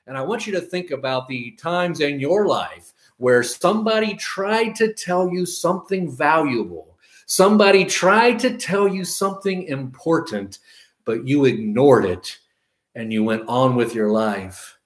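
A male pastor preaches in a fairly high voice, telling stories with lively acted-out voices. His voice rings through a roomy, echoing space. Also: moderate pace. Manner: animated storytelling with acted-out voices. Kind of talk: sermon.

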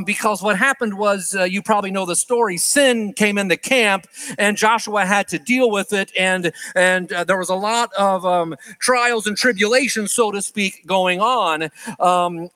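Animated male preacher, high and bright-toned, sermon delivery. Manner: animated, acts out quoted prayers with swings in pitch and volume.

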